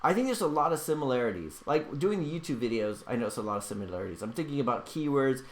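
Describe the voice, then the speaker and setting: A man's voice: medium pitch, lively intonation, fast. A man hosting a casual livestream, reading out chat questions and answering them in a rambling way, with lots of fillers and restarts.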